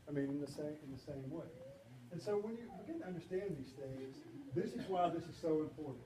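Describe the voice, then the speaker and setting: A man's voice: a little high, fairly quick, a little hiss or hum. A man giving a humorous, storytelling talk at a banquet. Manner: humorous storytelling, animated quoted voices. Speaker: speaker at a banquet. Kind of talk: conversational presentation. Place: banquet hall. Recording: echoey hall with faint ambience.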